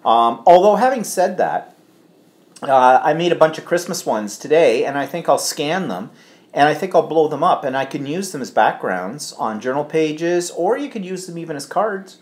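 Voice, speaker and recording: A man's voice: fairly high pitch, big pitch swings, normal speed. A middle-aged man co-hosting a casual live stream, rambling as he reads viewer comments and trips over place names. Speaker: livestream co-host.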